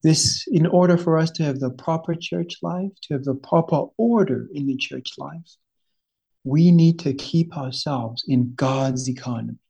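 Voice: mid-range voice, measured pace, vocal fry, dark tone, breathy edge. A Bible study teacher giving an earnest, fervent teaching, often stopping to exclaim and repeating words as the thought forms.

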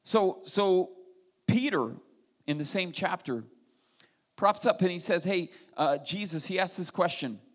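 A man preaching a sermon, retelling a parable with lively dialogue and asides to the congregation. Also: sits high, a little slow. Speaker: pastor.

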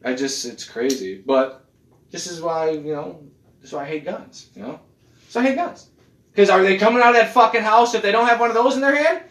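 A man hosting a casual podcast from his couch, ranting in a profane, animated way. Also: sits high, fairly quick. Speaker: podcast host. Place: living room at home, on a couch. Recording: echoey room.

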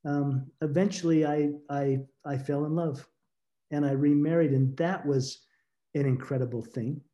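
The recording is dull, but the guest author's voice comes through fairly high, mellow, and fairly even in intonation. Telling a personal story in an interview, he's earnest and reflective, pausing haltingly and repeating words as he searches, particularly when emotional.

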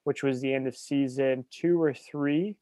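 A man's voice: mid-range voice, fairly even intonation, measured pace, dark tone, dry recording. A man co-hosting a casual podcast chat, talking eagerly and gushing about what he loves. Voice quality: enthusiastic, gushing. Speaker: podcast co-host.

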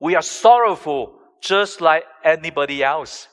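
Male pastor, slightly high voice, slow and deliberate sermon delivery, big dramatic swells, long church-hall reverb. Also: expressive. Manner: slow, deliberate preaching with dramatic rises in pitch and volume.

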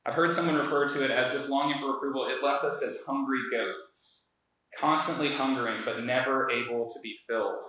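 A man's voice: mid-range voice, fairly even intonation, brisk, pushed and bright, slight background noise. A young man giving a casual, conversational sermon, telling a story with many fillers. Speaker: preacher. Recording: very echoey room.

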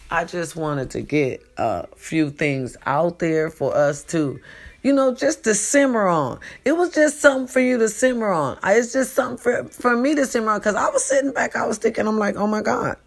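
A woman with a rough, gravelly edge to her voice vlogs from home in the middle of the night. She speaks in an emphatic, repetitive way, calling out to "y'all" as if her followers were in the room. Her voice sits at a middle pitch. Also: normal speed. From California. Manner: emphatic, repeats herself, calls to "y'all". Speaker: vlogger. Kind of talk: late-night monologue to followers.

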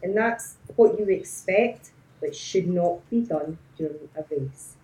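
A woman's voice: on the low side, measured pace, reverberant, low-quality recording. A woman in a casual panel discussion, speaking emphatically. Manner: emphatic, animated when making a point.

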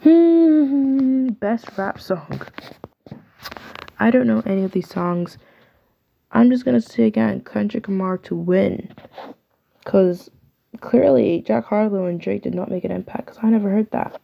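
A woman's voice: mid-range voice, unhurried, gravelly, pauses often, highs cut off. A young woman hosting a podcast, talking casually and opinionatedly, with lots of "like" fillers. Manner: chatty, opinionated, filler-heavy with "like". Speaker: podcast host. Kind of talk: casual solo podcast chat.

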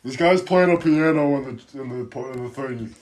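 Young guy talking a bit high, loud crude taunts, swearing nonstop. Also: normal speed. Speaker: podcast co-host. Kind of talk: crude prank banter.

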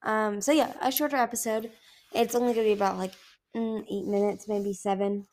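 A woman hosting her own podcast, chatting in a rambling, casual way full of fillers and then reading a book chapter aloud. Her voice sits at a middle pitch. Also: fairly even intonation, a little fast, darkish tone.

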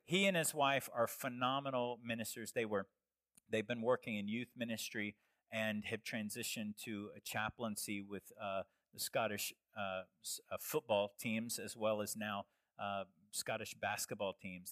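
A man's voice: on the low side, no room sound, clean studio sound. A man from Texas, a pastor introducing a guest missionary to his church, speaking with many fillers and restarts. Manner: warm halting delivery with many fillers. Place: church sanctuary.

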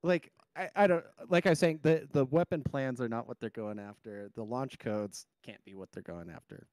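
A man's voice: medium pitch, normal speed, a little mellow, no room sound. A man co-hosting a podcast, rambling through an anecdote in casual chat. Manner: rambling, many fillers and restarts. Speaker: podcast co-host.

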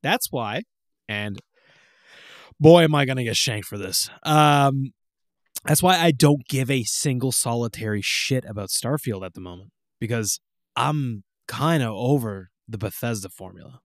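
A young man chats and rants about games, his pitch leaping around as he acts out moments from play. The recording is dry and close, with no room sound. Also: measured pace, no room sound. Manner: animated, ranting, acts out game moments. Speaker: podcast co-host. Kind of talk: casual chat.

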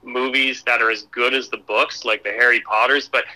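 Very bright-voiced, joking man. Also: mid-range voice, fairly even intonation, moderate pace, low-quality recording. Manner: joking, laughs easily. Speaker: podcast co-host. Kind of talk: casual chat.

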